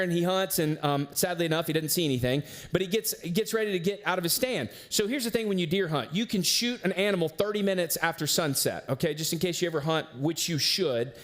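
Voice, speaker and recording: A man preaching a sermon as pastor, telling a story and then driving points home with emphatic repetition. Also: a little high.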